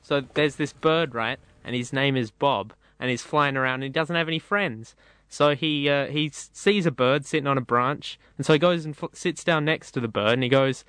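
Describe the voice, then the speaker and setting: Man, casual joke-teller, rambling and animated, slightly high, dry studio sound. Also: moderate pace, few pauses, clear, resonant tone, dry recording. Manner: rambling, animated storytelling with voiced bits. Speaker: panelist telling a joke.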